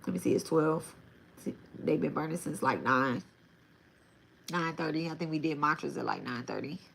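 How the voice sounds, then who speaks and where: A tarot reader gives a live reading in a casual, blunt style, swearing and frequently repeating or restarting phrases. Her low voice has vocal fry, she speaks at normal speed, and there's background noise.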